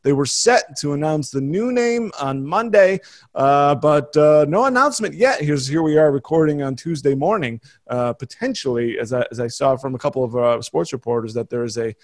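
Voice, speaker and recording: An American man hosting a podcast, rambling in casual chat with many restarts and quick laughs. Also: a little high, lively intonation. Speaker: podcast host.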